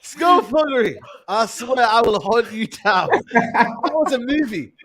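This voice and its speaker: Young london guy on a footy pod, high voice that swings all over, jokey banter, mutters off at the end of lines. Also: measured pace. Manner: animated, joking, trailing off into low mutters. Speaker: podcast co-host. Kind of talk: casual football banter.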